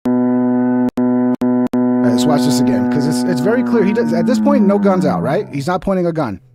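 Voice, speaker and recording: A man giving heated, profane livestream commentary over video clips, mocking opposing views in a high voice. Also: very animated, brisk, gravelly, loud music behind the voice. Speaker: political commentary streamer.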